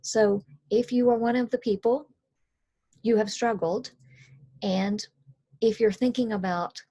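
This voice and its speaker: A woman coach talking parents through handling anxiety, calm, earnest and plainspoken. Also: a little high, a little slow, pauses often, husky. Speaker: coach and author. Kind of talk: conversational explainer.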